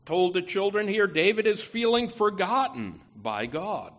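A man preaching a sermon, halting often with fillers and restarts as he works through a psalm. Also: high-pitched, animated, fairly bright tone. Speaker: pastor.

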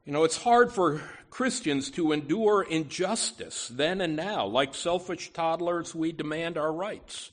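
A man's voice: on the high side, a little slow, few pauses. A man preaching a sermon, emphatic, often adding "you know" asides, with words that swell and drop.

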